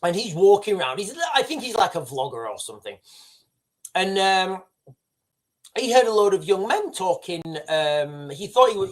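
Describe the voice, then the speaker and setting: A middle-aged British man hosting a livestream, rambling and sidetracking as he talks to his chat. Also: a little high. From United Kingdom. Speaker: livestream host. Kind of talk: casual livestream commentary.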